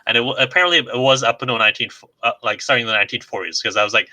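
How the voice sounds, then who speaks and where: Podcast co-host, male, very bright tone, giggly and self-mocking. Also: medium pitch, racing, few pauses, poor audio. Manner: chatty, laughs often, self-deprecating. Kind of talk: casual podcast chat.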